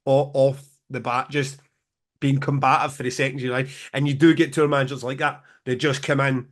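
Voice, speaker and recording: A middle-aged Scottish man, a music promoter co-hosting a podcast, telling sweary, animated stories and laughing through them. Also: mid-range voice, a little fast. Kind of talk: casual storytelling chat.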